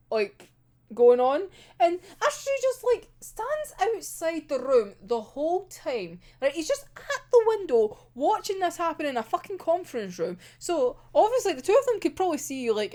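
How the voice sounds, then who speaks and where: Lass ranting about an anime ep, laughs a ton, swears, voice bouncing all over. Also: female voice, a little high, a little mellow. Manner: laughs often, swears freely, acts out characters' lines. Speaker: anime episode reviewer. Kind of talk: casual recap and commentary.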